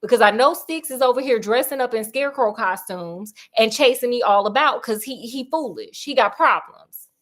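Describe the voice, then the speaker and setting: A woman's voice: on the high side, lively intonation, normal speed, fairly bright tone. A woman doing Jody, a sassy accusing teen girl.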